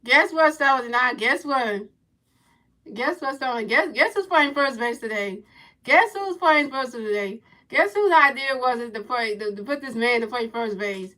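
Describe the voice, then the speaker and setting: A woman livestreaming a baseball video game, giving playful play-by-play commentary, teasing her chat with repeated questions and sing-song pitch calls. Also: expressive, a little slow, sharp tone, low-quality recording. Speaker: gaming livestreamer.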